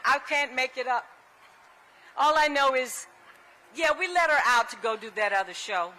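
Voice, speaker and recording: Bright-voiced woman giving a lively tribute. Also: high voice, moderate pace. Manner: animated storytelling, acts out quoted voices. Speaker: ceremony speaker giving a tribute. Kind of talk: public tribute speech. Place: outdoor ceremony.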